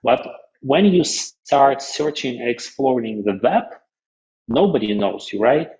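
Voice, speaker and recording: A man presenting a business webinar in non-native English phrasing, halting often and restarting his sentences. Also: mid-range voice, animated, a little mellow, highs cut off, slight background noise.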